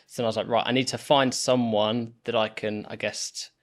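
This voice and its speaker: A man's voice: mid-range voice, little pitch movement, a little fast. A man, talking through his story as a guest on a podcast interview. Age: 30s. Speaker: property investor guest.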